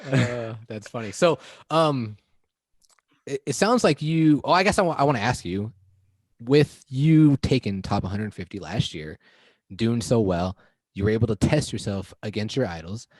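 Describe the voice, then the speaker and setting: A man's voice: medium pitch, animated, moderate pace, darkish tone, dry recording. A man co-hosting a podcast, chatty, laughing often and acting out his reactions. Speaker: podcast co-host. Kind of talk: casual chat.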